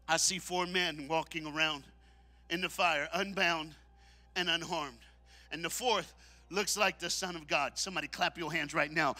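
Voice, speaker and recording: A man preaching a sermon in a church, dramatic and leading the crowd in call-and-response, swinging from shouts to hushed lines. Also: high voice, normal speed. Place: church auditorium.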